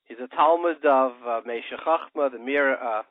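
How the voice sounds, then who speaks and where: A man's voice: medium pitch, normal speed, no room sound. A male radio show host giving an impassioned, preachy monologue, firing off rhetorical questions and telling parables. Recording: tinny phone-like line, dry.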